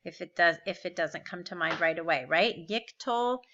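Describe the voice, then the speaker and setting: A woman's voice: fairly low pitch, flat delivery, brisk, fairly bright tone, muffled recording. A woman teaching a recorded grammar lesson, patiently walking through verb forms step by step and asking rhetorical questions. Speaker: Biblical Hebrew teacher.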